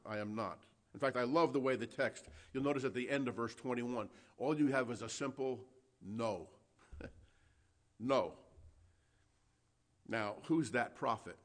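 A man's voice: mid-range voice, a bit bright. A male pastor preaching a Bible sermon in a conversational, emphatic way, reading verses aloud between his comments.

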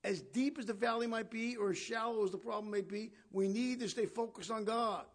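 A man's voice: high-pitched, fairly even intonation, a little fast. A man giving conversational Bible teaching, questioning his listeners and paraphrasing scripture. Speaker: preacher.

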